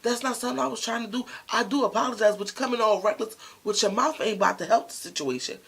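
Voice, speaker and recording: An earnest young man pleads with his oldest friend in a pitched-up, louder voice, as a storyteller acts him out. The tone is gravelly and a little husky. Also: quick pace.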